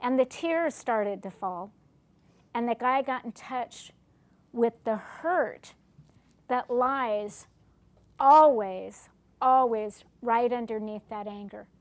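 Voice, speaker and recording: Middle-aged woman lecturer, slightly high voice, conversational teaching style that poses questions to the room. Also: slow. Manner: asks the audience questions, acts out short dialogues. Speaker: lecturer on family recovery. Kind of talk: classroom lecture.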